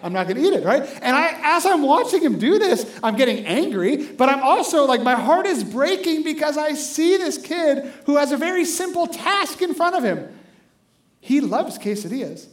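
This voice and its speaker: A man preaching a sermon as pastor, animated and conversational, often asking "right?". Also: very high-pitched, moderate pace, echoey room.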